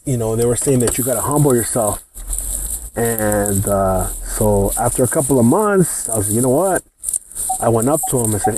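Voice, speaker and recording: Man with a dark, mellow voice telling a work story on a podcast, swearing constantly in loose street slang. He talks with heat and takes things personally, and a faint vehicle rumble sits behind him. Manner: profane, heated, slangy storytelling. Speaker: podcast host. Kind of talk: casual storytelling.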